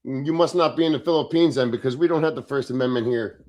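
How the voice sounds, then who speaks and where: A middle-aged man talks loosely to his livestream audience at an average pitch. He is blunt and sarcastic and swears often while answering viewers' comments. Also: fast, a little mellow. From Philadelphia, USA. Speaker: livestream host. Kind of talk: casual livestream chat reading comments.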